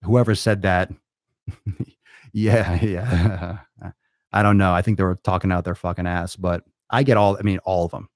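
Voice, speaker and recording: A man's voice: low-pitched, fairly even intonation, a little slow, no echo, studio quality. A man ranting in a blunt, profane way, sometimes mocking whiny excuses in a silly voice. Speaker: fitness vlogger. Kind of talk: profane motivational rant.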